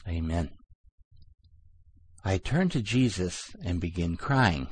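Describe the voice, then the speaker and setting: Man with a very low voice reading out a dream story, slow and solemn. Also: breathy edge. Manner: deliberate, solemn reading with even pauses. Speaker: narrator recounting a dream. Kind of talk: scripted narration.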